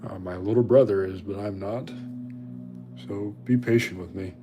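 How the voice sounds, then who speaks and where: Guy with a deep voice doodling requests live, chatty and self-deprecating. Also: steady tone, moderate pace, dull audio, over music. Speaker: artist drawing viewer requests on a stream. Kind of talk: casual chat while drawing.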